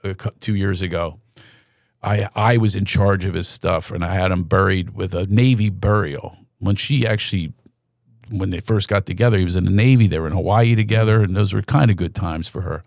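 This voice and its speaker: A man, a guest comedian, telling stories in a podcast chat, animated and prone to restarts, slipping into voices of the people he quotes. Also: low-pitched, a little fast, gravelly, no echo, clean studio sound. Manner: animated storyteller who slips into quoted voices; restarts and stammers mid-story.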